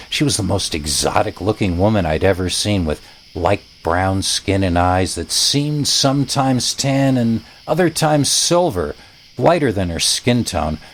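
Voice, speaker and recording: A man narrating a horror story as a scripted reading, animated and dryly humorous. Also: fairly low pitch, a little hiss or hum.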